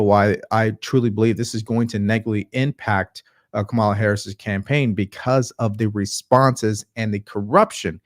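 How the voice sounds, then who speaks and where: A man hosting casual political commentary, talking slowly with lots of fillers and a sarcastic edge. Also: fairly low pitch, dry recording, clean studio sound. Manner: slow, hesitant with many fillers, sarcastic.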